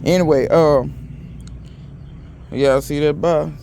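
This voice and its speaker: Male gardening vlogger, folksy and chatty, a bit high-voiced, faint outdoor noise behind. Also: moderate pace, long pauses, darkish tone. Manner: chatty, folksy, talks straight to viewers as y'all. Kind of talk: casual garden walkthrough vlog. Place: outdoors in a yard.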